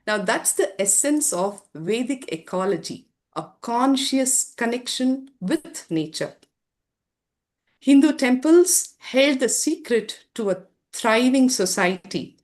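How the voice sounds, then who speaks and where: A woman giving a slow, earnest slide presentation to an audience in a conference room, with some fillers. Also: on the high side. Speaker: presenter at a summit session.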